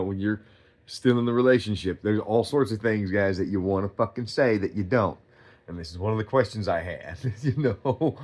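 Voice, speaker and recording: A man with a lowish voice rants casually to his audience. He tells a rambling story full of swearing and false starts. His tone stays blunt and unfiltered, with a pitch that sits on the low side. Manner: profane, rambling storytelling, loud when reenacting quotes. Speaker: streamer. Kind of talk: casual rant.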